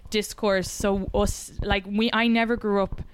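A woman from Ireland with a Kildare Irish accent, a comedian chatting on a podcast and telling stories with quick asides. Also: mid-range voice, little pitch movement, clear, resonant tone, no room sound. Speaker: comedian guest. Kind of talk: casual podcast chat.

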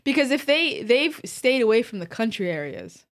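Higher-voiced woman as a podcast co-host; teasing, quick to laugh, profane. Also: sing-song. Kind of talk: casual chat.

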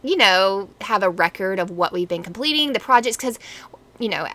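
A middle-aged woman hosting a podcast, chatting casually with her husband and projecting her voice with clear enunciation. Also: mid-range voice, expressive, normal speed, bright, forceful tone. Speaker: podcast host. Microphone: podcast mic with earphones.

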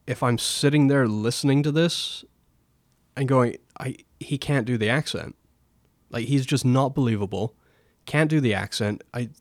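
A man co-hosting a casual film discussion, blunt and animated, swearing often. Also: mid-range voice, dry recording, studio quality. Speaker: podcast co-host.

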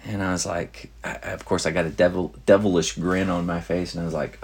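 A man with a deep, low-set voice and a husky, slightly rough edge tells a long anecdote in a relaxed, meandering way. He strings his story together with many fillers and restarts, in the tone of a casual host chatting with listeners. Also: brisk, few pauses. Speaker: podcast host.

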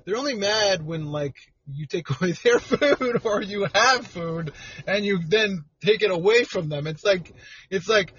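A man's voice: high-pitched, expressive, measured pace, a bit bright, slightly rough, no room sound, lo-fi sound. A man in a casual chat, telling a story in a hesitant, rambling way. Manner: hesitant, rambling, lots of fillers.

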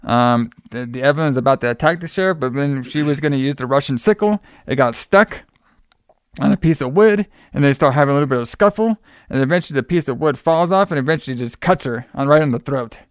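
A man's voice: mid-range voice, fast talker, smooth, no room sound, studio quality. A man casually recapping a film plot for a podcast, rambling with fillers and playful asides. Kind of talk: casual movie recap chat.

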